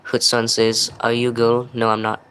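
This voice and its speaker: A man's voice: medium pitch, monotone, a bit bright, a little hiss or hum, rough recording. A young man hosting a livestream, reading out viewer comments one after another and apologizing often. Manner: reads viewer comments in quick succession, apologetic. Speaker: livestream host. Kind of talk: reading live chat aloud.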